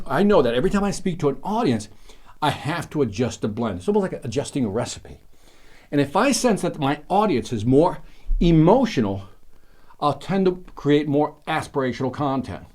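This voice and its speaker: A middle-aged man teaching a sales seminar, excitable and emphatic, speaking straight to his listeners. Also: a little high, moderate pace. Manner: animated, excitable, emphatic, talks to the listener directly. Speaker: sales trainer.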